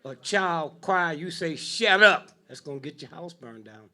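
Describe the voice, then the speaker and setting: An older man giving a speech to a live audience in a preaching style, dropping to a low mutter and rising to loud outbursts, with a steady "huh?" and "hmm?" after his lines. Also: moderate pace. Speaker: speaker addressing an audience.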